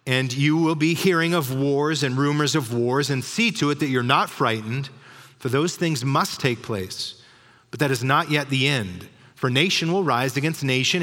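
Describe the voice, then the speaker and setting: Man, pastor, conversational sermon, chatty asides, mid pitch, long hall reverb. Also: sharp tone.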